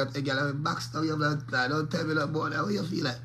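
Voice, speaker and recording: Jamaican dj guy ranting in patois, cursing a lot, kinda high voice. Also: fairly even intonation, quick pace, few pauses, pushed and bright, a little hiss or hum, low-quality recording. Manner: rambling patois talk peppered with curses. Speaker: DJ and vlogger. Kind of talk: casual commentary to camera.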